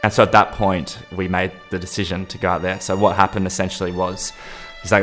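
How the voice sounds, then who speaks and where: A man with a very deep voice recounts a personal experience. He talks haltingly, breaking off and restarting his sentences. Soft music runs quietly behind him. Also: level tone. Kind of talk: personal anecdote.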